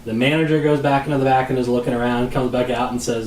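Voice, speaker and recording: A man's voice: medium pitch, steady tone, quick pace, a little mellow, roomy sound, far from the mic, slight background noise, rough recording. Rambling man telling a story. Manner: rambling, clears throat often, laughs at own story. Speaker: podcast co-host. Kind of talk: casual storytelling.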